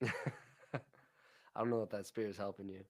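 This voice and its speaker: A man's voice: on the low side, steady tone, moderate pace. A young man co-hosting a podcast in casual chat, laid-back and crude, telling stories between laughs. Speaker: podcast co-host.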